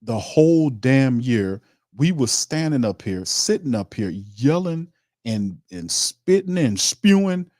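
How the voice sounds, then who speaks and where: A man's voice: mid-range voice, very animated, takes it slowly, darkish tone, no room sound, studio quality. A man hosting a sports talk stream, reading chat comments and ranting emphatically in informal, streetwise speech. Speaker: sports show host.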